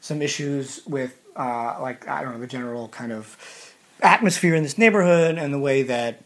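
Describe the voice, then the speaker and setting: A woman interviewing someone, asking calm, probing questions and sometimes searching for her words. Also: extremely low pitch, moderate pace. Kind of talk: conversational interview.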